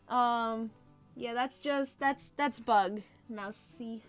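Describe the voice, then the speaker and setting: A woman's voice: fairly high pitch, drawn-out words, clear, resonant tone, faint music behind. A woman streaming a drawing session, chatting casually and giggling as she reads viewer comments aloud. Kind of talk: casual livestream chat.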